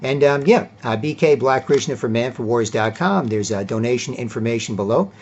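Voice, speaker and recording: A man's voice: medium pitch, a little fast, a little mellow, lo-fi sound. A man ranting in a casual, profane, rambling commentary vlog. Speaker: vlogger and commentator.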